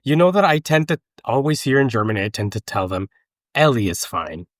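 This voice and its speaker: A man with a Mexican accent talks as a podcast guest. He tells anecdotes in a lively way, his voice close and dry with no room sound. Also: mid-range voice, a little fast, dry recording. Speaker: guest opera tenor. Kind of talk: casual interview chat.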